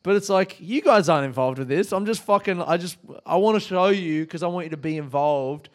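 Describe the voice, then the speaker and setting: A man's voice: on the high side, brisk. A man chatting casually on his own podcast, swearing freely and poking fun at himself. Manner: chatty, swears a lot, self-mocking. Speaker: podcast host. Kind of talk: casual solo podcast chat.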